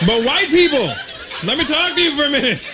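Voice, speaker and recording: High-voiced male stand-up comic. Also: a little fast, over a noisy crowd. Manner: animated, conversational, swings into mock voices. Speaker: stand-up comedian. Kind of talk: stand-up comedy routine. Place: comedy stage before a live audience. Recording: noisy live stage recording.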